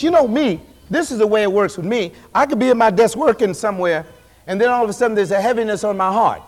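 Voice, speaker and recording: A man preaching a sermon as senior pastor, animated, acting out voices and swinging from hushed tones to shouts. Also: sits high, fast, big-room sound. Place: church sanctuary.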